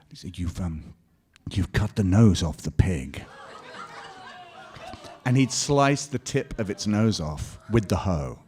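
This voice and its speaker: A man answering fan questions at a convention panel, telling lively anecdotes on a handheld mic. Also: fairly low pitch, normal speed, breathy edge. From Scotland. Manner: lively anecdotal storytelling with quoted voices and laughs. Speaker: convention panel guest actor. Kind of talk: storytelling Q&A panel.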